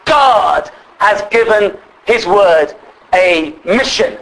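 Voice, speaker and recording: A male preacher delivering a fervent sermon in a high, bright voice. He presses his points hard and calls the listeners brethren, now and then rising to a shout. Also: lively intonation, very slow, poor audio. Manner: impassioned, rises to shouts; addresses congregation as brethren.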